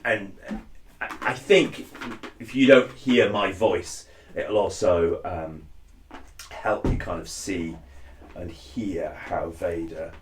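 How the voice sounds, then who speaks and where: A man's voice: slow pace, slight background noise. A man, casually explaining a cosplay voice technique and chatting as he demonstrates. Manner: chatty, drops into deep impressions of lines. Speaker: cosplayer giving a tutorial. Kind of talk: casual spoken tutorial. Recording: echoey room.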